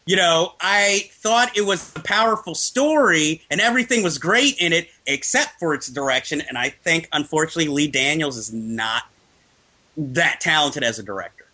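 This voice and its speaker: A man's voice: a little high, animated, moderate pace, bright, forceful tone. A man chatting casually about films, opinionated and laughing often. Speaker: guest film reviewer. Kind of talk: casual film chat.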